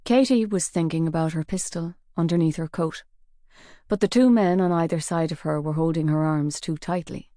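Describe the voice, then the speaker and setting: Woman reading a crime audiobook, lowish mellow voice, dry close mic. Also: normal speed, dry recording. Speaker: audiobook narrator. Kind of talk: scripted narration.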